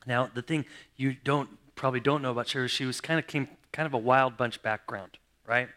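A middle-aged male pastor preaching a sermon, telling stories dramatically, jumping from loud exclamations to hushed, almost whispered lines. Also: mid-range voice, fairly even intonation, fairly quick.

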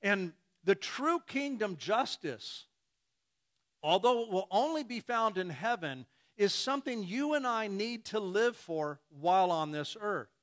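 Male preacher, high-pitched, slow and deliberate, playful conversational delivery. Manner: animated, acts out imagined dialogues. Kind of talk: sermon.

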